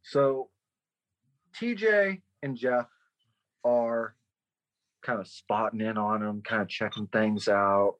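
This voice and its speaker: A man from California co-hosting a podcast, recapping a film's plot in animated, profane storytelling. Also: on the low side, takes it slowly, long pauses, poor audio. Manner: animated storytelling, swears often. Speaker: podcast co-host. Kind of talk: casual chat recapping a film.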